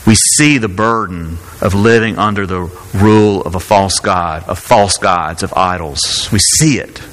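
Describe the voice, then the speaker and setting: A man's voice: low voice, unhurried, few pauses, a bit bright, in a large hall. A man preaching a sermon as pastor, talking in a conversational way and asking rhetorical questions.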